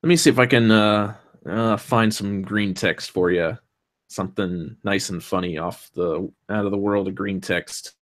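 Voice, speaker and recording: A man's voice: on the low side, steady tone, unhurried. Rambling young man chatting with his stream. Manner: rambling, swears often, hums fillers. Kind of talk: casual chat with stream chat and co-host.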